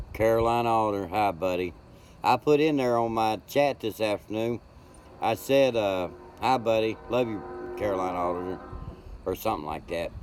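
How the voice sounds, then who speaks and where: Older guy rambling to his chat from home, lowish voice, bit of road noise. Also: darkish tone. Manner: folksy, rambling, greets chat by name. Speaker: livestream host. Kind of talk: casual chat with viewers.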